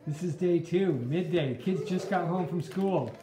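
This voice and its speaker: A woman's voice: lowish voice, a little slow, roomy sound, crowd noise. A woman in her thirties, a family vlogger chatting upbeat and straight to viewers at home. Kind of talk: casual home vlog to camera.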